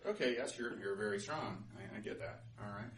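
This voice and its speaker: A man voicing a calm, patient male sun in a told fable, speaking softly and hesitantly, recorded from a distance in a roomy class. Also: lowish voice, a little slow, creaky, a little hiss or hum, exaggerated voice. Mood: mild. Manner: hesitant, soft and mild.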